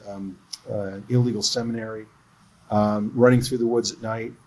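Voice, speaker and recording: A man's voice: fairly low pitch, flat delivery, moderate pace, darkish tone, rough recording. A man who is a film producer, telling earnest stories about a production in a livestream interview.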